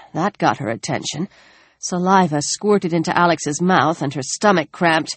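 A woman's voice: deep voice, moderate pace, slightly rough, dry recording. Woman narrating an audiobook, dry and close.

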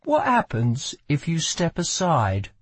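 A man's voice: fairly high pitch, huge pitch swings, slow, slightly rough, dry recording, pitched above the performer's own voice, exaggerated voice. A man doing a curt, fierce young woman. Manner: curt, snapping.

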